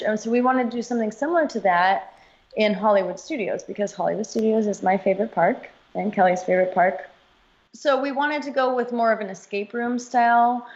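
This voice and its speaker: A woman guest on a casual podcast, explaining things at a relaxed conversational pace with frequent ums. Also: medium pitch. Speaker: podcast guest, book co-author. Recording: dull lo-fi audio.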